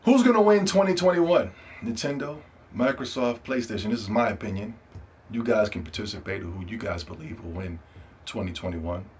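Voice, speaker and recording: With a lowish voice at a moderate pace, this podcast host runs a laid-back solo gaming show. He's loose and profane, joking and ranting, his volume shifting from loud excitement to quiet asides.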